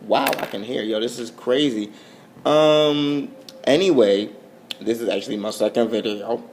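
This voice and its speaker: Overtired man rambling with a gravelly voice. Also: lowish voice, steady tone, a little fast, slight background noise. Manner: overtired, goofy, swooping voice. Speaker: vlogger. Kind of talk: rambling late-night vlog. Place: at home, filming on a phone.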